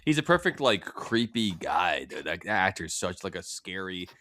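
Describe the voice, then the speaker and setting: Man, podcast co-host, bright dry voice, excitable and swearing, casual chat. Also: low voice, normal speed, dry recording. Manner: excitable, swears freely, laughs mid-sentence.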